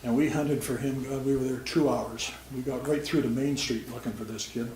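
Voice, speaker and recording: A man's voice: medium pitch, fairly even intonation, normal speed, darkish tone. An older man, a retired police officer, telling stories from his career in a plain-spoken, folksy way with dry humor. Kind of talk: storytelling. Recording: roomy sound with faint background noise.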